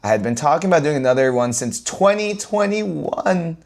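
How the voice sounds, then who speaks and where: A man's voice: a little high, normal speed, gravelly. Ranting man vlogging to camera. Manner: animated, repeats phrases, swings from loud exclaims to mutters. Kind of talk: casual ranting monologue.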